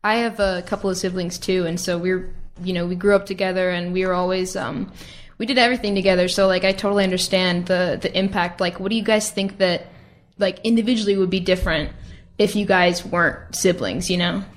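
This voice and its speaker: A woman's voice: on the low side, steady tone, a little fast. A woman hosting a casual interview, upbeat and conversational as she asks her guests questions. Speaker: interview host.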